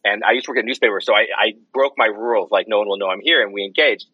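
A man's voice: fairly low pitch, very fast, slightly rough, dry recording, muffled recording. A man who is a guest on a podcast, chatting casually and rambling through a story with many restarts. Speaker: podcast guest, comics writer. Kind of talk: casual chat.

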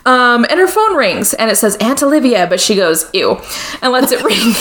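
A woman's voice: fairly high pitch, sing-song, normal speed, fairly bright tone, reverberant. A woman co-hosting a podcast, recapping a movie in a loose, rambling way with lots of fillers. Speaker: podcast co-host.

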